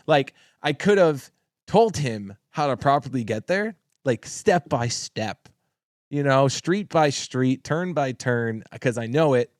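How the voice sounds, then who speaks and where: A man's voice: medium pitch, animated, unhurried, dry recording, studio quality. Profane storytelling podcast co-host man. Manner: profane, storytelling, laughs often. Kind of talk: casual chat.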